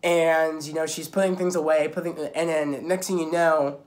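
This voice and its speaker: A man's voice: a little high, flat delivery, moderate pace. Rambling young man recapping a show. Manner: rambling, full of restarts and "like". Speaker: video reviewer. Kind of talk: casual episode recap.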